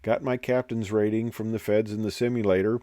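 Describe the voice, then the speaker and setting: Older guy, lowish voice, rambling pilot stories w lots of uh's, dry close mic. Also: fairly even intonation, a little fast, dark tone, no echo. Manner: rambling, many fillers and digressions. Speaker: retired airline captain telling stories. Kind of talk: casual storytelling.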